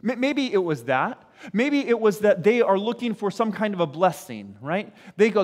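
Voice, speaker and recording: A man's voice: high-pitched, big pitch swings, normal speed. Man preaching conversationally in a reverberant hall. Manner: conversational, frequent "right?" asides, acts out voices of parents and kids. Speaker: pastor. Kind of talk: sermon.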